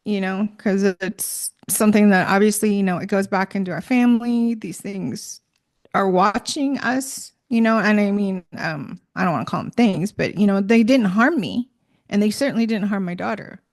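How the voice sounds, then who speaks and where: A woman's voice: mid-range voice, moderate pace. Middle-aged woman, casual storyteller, rambling with fillers, mid-range voice. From Minnesota. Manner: rambling, many fillers and restarts.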